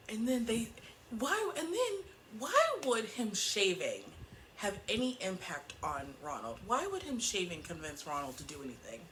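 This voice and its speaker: Exasperated woman ranting with lively pitch. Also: a little hiss or hum, low-quality recording. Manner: exasperated, profane, laughing often. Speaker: book and TV reviewer. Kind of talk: casual recap review rant.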